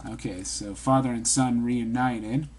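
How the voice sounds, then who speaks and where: Husky man doing manga commentary. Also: medium pitch. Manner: reads every character's lines himself in an animated voice, adds quick asides. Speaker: reaction host reading a manga aloud. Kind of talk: casual manga read-through with commentary.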